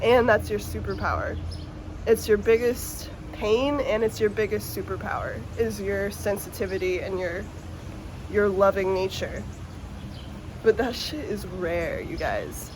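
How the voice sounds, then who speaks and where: A woman's voice: medium pitch, a little slow, noisy background. Earnest, emotional woman reading tarot cards. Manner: emotional, earnest and swearing casually. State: tearful at times. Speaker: tarot reader. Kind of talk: casual tarot reading to viewers.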